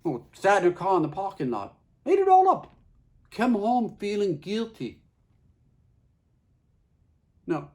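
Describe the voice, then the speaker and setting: A man's voice: high voice, wildly swooping pitch, darkish tone. Guy doing a folksy stage monologue as a regular husband, voice jumps all over, keeps repeating himself. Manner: folksy, storytelling, halting repeats. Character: Carl, plain-spoken middle-aged husband. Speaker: actor performing a monologue. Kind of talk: theatrical monologue.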